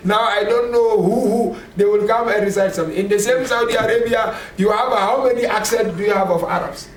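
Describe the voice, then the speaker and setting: High-voiced man teaching in an echoey room. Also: a little fast. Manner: conversational, often asks the class "you know". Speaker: religious teacher. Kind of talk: classroom lecture on scripture. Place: classroom at a community center. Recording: echoey room from far off, faint noise.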